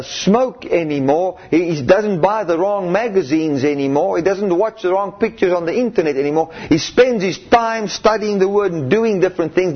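A man's voice: sits high, husky. A middle-aged man preaching a sermon, emphatic and repetitive, punctuating points with hallelujah and amen, on a muffled lo-fi recording.

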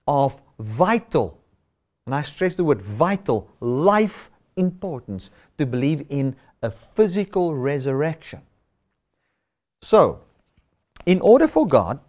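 A man's voice: fairly high pitch, darkish tone. A man preaching a sermon, stressing and repeating key words.

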